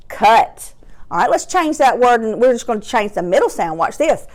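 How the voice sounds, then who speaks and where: Her voice is on the high side and sing-song as she teaches young children phonics, slowly separating each sound in a word and encouraging them as they go.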